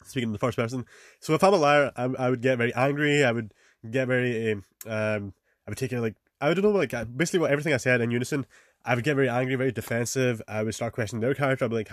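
A young podcast host gives casual advice in a fast, loose monologue, constantly dropping fillers, swear words and "man." His medium-pitched voice is recorded dry and close, with no sense of a room.

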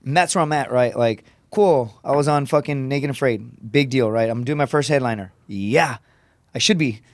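A man's voice: medium pitch, moderate pace, no room sound, studio quality. A man, a comedian guest, telling stories in casual podcast chat with lots of swearing and energy. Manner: profane, energetic storytelling.

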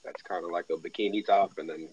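Chill guy w a lowish voice, wry, lots of ums, kinda muffled lo-fi audio. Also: steady tone, fast, darkish tone, a little hiss or hum. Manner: laid-back, wry, trails off with ums. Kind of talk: casual chat. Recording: dull lo-fi sound.

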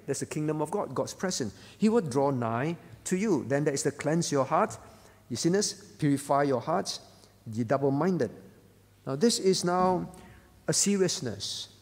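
A man's voice: a little high, animated, normal speed. A man preaching at a prayer meeting as the pastor, earnest, repeating his phrases and quoting scripture. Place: church hall. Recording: church hall with long reverb.

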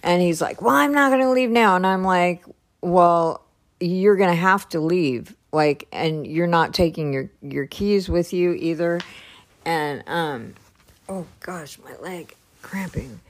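A woman speaking on her own podcast at home tells a long story in a loose, conversational way. She slips into the voices of everyone involved and breaks into laughter now and then. Her voice sits a little low and her delivery is slow and unhurried. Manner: chatty, retells dialogue with lots of "I go" and "he's like", laughs often. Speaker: podcast host. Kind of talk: casual storytelling monologue.

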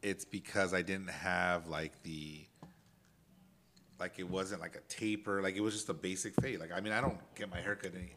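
A young man with a very deep yet bright, forward voice chats casually. He hesitates, restarts and leans on "like", over faint background noise. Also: fairly even intonation, moderate pace. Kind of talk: casual chat.

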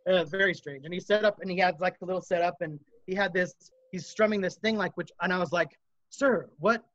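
A man's voice: high-pitched, fairly even intonation, fast, a bit bright, no room sound, dull audio. A man from the United States, a musician guest, rambling through stories in a casual interview and laughing often.

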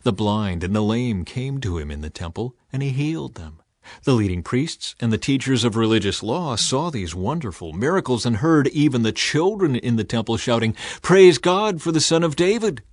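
Expressive male scripture reader, dry sound. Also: medium pitch, moderate pace, dry recording. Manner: expressive reading with a lively rise and fall. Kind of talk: dramatized scripture reading.

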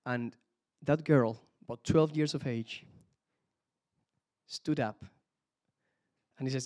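A man preaching a sermon, animated, calling out hallelujah and praise the Lord between points. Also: medium pitch, takes it slowly, pauses often. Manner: animated, exclamations of hallelujah, some restarts.

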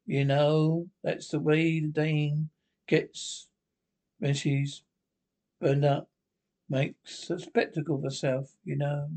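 A man's voice: on the high side, little pitch movement, takes it slowly, darkish tone. A man voicing a wry male horror-show host in a radio-play reading, with chuckling asides.

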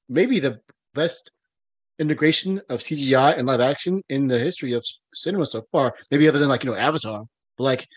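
A man co-hosting a casual movie podcast, excitable and rambling, with many fillers, restarts and laughs. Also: fairly high pitch, dry recording. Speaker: podcast co-host.

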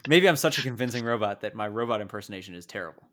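Fast-talking young male podcast host. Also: lowish voice, expressive, a bit bright. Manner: joking, quick and bantering. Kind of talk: casual chat.

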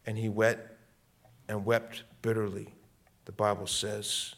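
A middle-aged man preaching a sermon as pastor, repeating his lines and swinging between loud, fervent peaks and hushed, quiet passages. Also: on the low side, flat delivery, slow pace, gravelly, long pauses.

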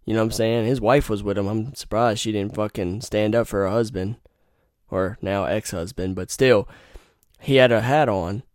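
A young man rambles through a casual podcast story, cursing often and stating blunt opinions. His voice sits low and sounds smooth and resonant. The recording is dry and close, with no room sound. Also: fairly even intonation, normal speed, darkish tone, no echo. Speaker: podcast host.

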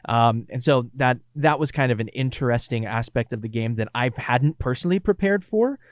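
A man's voice: mid-range voice, expressive, brisk, dry recording, clean studio sound. A man from Kansas with a Kansas accent, co-hosting a radio recap in casual, rambling chat with easy laughs. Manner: chatty, laughs easily, rambling restarts. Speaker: radio co-host and producer.

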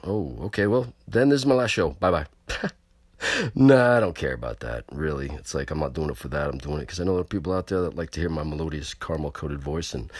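Male host from California, low voice, rambling and bragging, crude, dead-dry sound. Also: no room sound. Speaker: show host. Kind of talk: casual chat show. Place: on location.

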